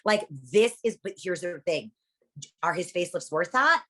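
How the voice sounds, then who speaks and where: A woman's voice: on the low side, lively intonation, pushed and bright. A young woman from Guatemala, a guest in a casual interview, talking bluntly and emphatically with plenty of swearing. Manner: blunt, profane, rapid-fire and emphatic. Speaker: interview guest, plastic surgery practice worker.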